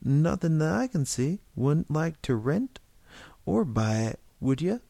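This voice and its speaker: A man's voice: a little high, big pitch swings, measured pace, gravelly, mellow, no echo, voice pushed up, heavily acted. A man voicing a gossipy older small-town shopkeeper with a folksy drawl.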